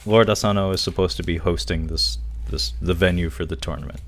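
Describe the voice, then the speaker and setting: A man's voice: sits low, fairly even intonation, fairly quick, slight background noise. Laughing man recapping a film. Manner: laughs often, loose and profane, recaps plot with asides. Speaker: podcast co-host. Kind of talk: casual film review chat.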